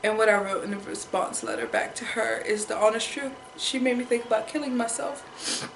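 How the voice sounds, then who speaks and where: A woman's voice: a little high, moderate pace, creaky, a bit bright, slight background noise. Young woman, personal vlog, upset and near tears, repeats herself; roomy echo on the recording. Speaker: vlogger.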